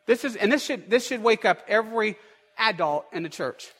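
Preaching to his congregation, this man has a remarkably high, expressive voice that swings up and down, with a slightly bright tone and a moderate pace. He is a pastor giving a sermon, and his forceful, repeated phrases carry into the long reverberation of a big church sanctuary.

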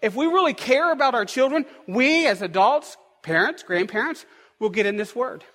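Man, pastor, sermon, very high voice, emphatic repetition, long hall echo. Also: lively intonation, normal speed, fairly bright tone. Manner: emphatic, repetitive preaching cadence. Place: church sanctuary.

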